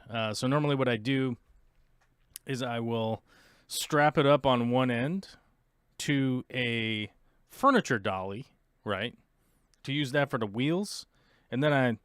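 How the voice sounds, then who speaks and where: A rambling man chatting casually as a show host, his voice smooth and resonant. The sound is dry and close, with no room around it. He drifts between topics and pokes fun at himself. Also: medium pitch, no room sound. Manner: rambling, chatty, self-mocking. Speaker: podcast host. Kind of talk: casual livestream chat.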